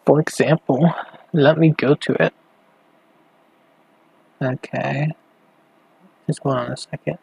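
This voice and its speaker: A man hosting a casual late-night solo podcast, rambling and halting as he thinks aloud while clicking around on his computer. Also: fairly high pitch, fairly even intonation, vocal fry, darkish tone, breathy edge, no echo, rough recording. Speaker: podcast host.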